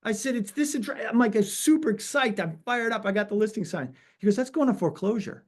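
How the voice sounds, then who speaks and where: This forties-aged real estate broker talks fast in a high-sitting voice, acting out dialogue as he spins lively stories during a webinar interview.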